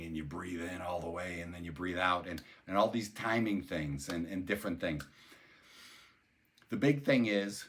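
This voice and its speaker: A man's voice: sits low, a bit bright. An older man talking as a neuroscience educator, conversational and explanatory, repeating words and spelling out terms as he goes. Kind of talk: explanatory talk.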